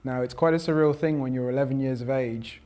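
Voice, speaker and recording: Professor, reflective storyteller, mid-pitched, restarts a lot. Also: male voice, fairly even intonation, fast talker, dark tone. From South London. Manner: reflective, with frequent restarts and quoted voices. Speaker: professor and panel guest. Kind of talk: personal storytelling in conversation.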